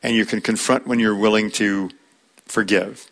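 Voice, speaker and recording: A man preaching a sermon in a plain, conversational teaching voice, quoting scripture with slow, emphatic phrasing. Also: on the low side, fairly even intonation, a bit bright.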